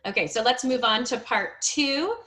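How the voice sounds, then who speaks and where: Upbeat woman English tutor, a touch high-pitched, with a bright voice; encouraging and quick to laugh. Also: expressive. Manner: encouraging, laughs often, corrects gently. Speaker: English speaking teacher. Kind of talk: one-on-one pronunciation and grammar coaching.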